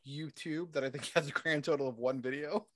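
A man's voice: a little high, steady tone, brisk, a bit bright, dry recording, studio quality. A man co-hosting a podcast, joking playfully with his friends. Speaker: podcast co-host. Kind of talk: casual chat.

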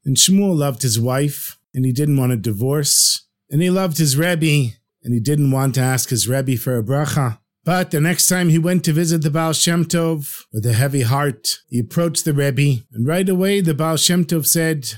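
A man hosting a podcast, telling a long traditional story with warm, heartfelt narration and lively voices for its characters. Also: fairly high pitch, moderate pace, few pauses.

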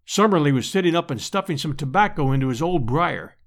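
Man reading a novel expressively. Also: fairly high pitch. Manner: expressive, measured storytelling. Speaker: audiobook reader. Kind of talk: novel narration.

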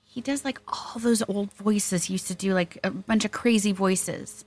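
A woman's voice: medium pitch, moderate pace, a little mellow. A woman co-hosting a podcast, bubbly and playful in casual chat over a video call. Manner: bubbly, playful, reads synopsis aloud. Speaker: podcast co-host.

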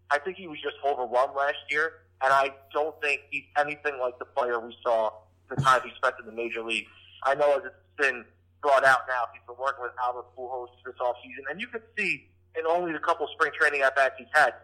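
Podcast guest, male, very bright tone, hesitant casual delivery. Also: mid-range voice, fairly even intonation, brisk, low-quality recording. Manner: hesitant, restarts often, stats-heavy.

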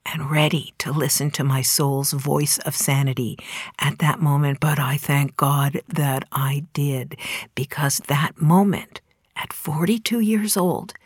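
Woman in her 40s, low-ish voice, earnest reflective talk, dry close sound, leans hard on words. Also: no echo. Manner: earnest, measured, dramatic emphasis. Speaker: inspirational speaker. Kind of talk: reflective spoken essay.

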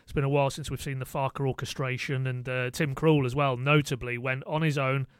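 Male pundit, rapid delivery, crisp clean tone, dry studio sound. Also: medium pitch, flat delivery, dry recording. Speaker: football correspondent. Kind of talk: casual football podcast chat. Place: radio studio.

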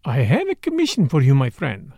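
A man's voice: mid-range voice, wildly swooping pitch, a little fast, mellow, dry recording, clean studio sound, voice pushed down. A man voicing a sly, courteous foreign detective who speaks formally and blandly.

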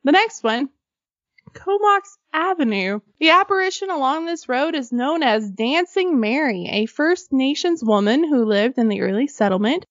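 A woman from Arkansas reads ghost stories aloud for a casual podcast, her voice pitched high. She breaks off for jokey, sweary asides and plenty of laughter. The recording is dry and a little dull, with no room sound. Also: animated, normal speed, no echo. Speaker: podcast co-host.

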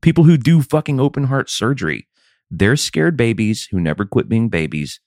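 A man's voice: mid-range voice, sing-song, normal speed, darkish tone, dry recording, clean studio sound. A man in his thirties from the American South, co-hosting a podcast in a casual, rambling, wry and sometimes profane way. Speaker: podcast co-host. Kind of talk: casual chat.

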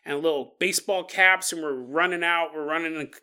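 A man's voice: on the high side, fairly quick, bright, forceful tone, smooth. A man hosting a podcast, telling ghost stories casually with playful, jokey asides. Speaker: podcast host. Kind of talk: casual paranormal storytelling.

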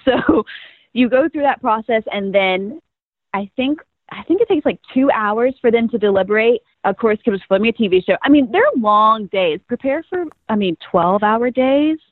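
A woman's voice: on the high side, lively intonation, normal speed, no room sound. A young woman in her twenties tells her story in a bubbly, talkative way and laughs easily. Her voice comes through a narrow, tinny phone-like line. The sound is dry, with no room around it. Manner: bubbly, chatty, laughs often. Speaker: guest, first-year pro cheerleader. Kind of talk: casual interview storytelling.

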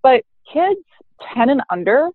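A woman's voice: sits high, unhurried, no room sound. Candid woman therapist on a phone-like line. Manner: candid and animated, swears casually, acts out parent and teen quotes. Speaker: therapist guest. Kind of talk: casual podcast interview. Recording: dry, phone-like narrow sound.

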